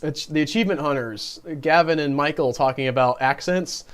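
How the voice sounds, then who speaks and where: A man's voice: fairly high pitch, brisk, smooth. A man co-hosting a live-streamed movie review podcast in casual chat, talkative and self-deprecating, often laughing. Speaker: podcast co-host.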